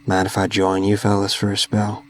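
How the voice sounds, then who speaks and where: A man's voice: fairly low pitch, monotone, normal speed, a little hiss or hum, lightly acted. A man voicing a grinning, gap-toothed old hillbilly stranger with a Southern US accent who speaks in a folksy drawl and gives grim warnings.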